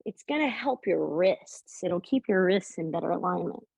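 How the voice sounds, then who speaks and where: This yoga teacher has a lowish, expressive voice with vocal fry, a darkish tone and a breathy edge, speaking at a moderate pace. She leads poses playfully and upbeat, slipping in light jokes and sometimes talking mid-pose. The recording has no echo.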